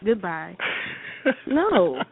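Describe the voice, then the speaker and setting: A woman calling in to a radio show, telling a date story in a lively way and acting out what people said. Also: lowish voice, very slow, gravelly, husky. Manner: animated, laughing, acts out quotes. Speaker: caller. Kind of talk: casual storytelling on call-in radio. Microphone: phone. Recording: tinny phone line with faint hiss.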